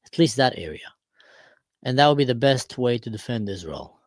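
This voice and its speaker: A man giving an opinionated vlog commentary, talking in an animated, emphatic way with storytelling. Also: medium pitch, normal speed, dry recording, clean studio sound.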